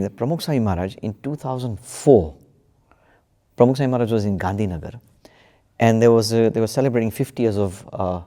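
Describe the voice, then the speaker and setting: A man telling a story in a relaxed spiritual panel discussion, with plenty of fillers and restarts. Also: fairly low pitch. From United Kingdom. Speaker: panel speaker.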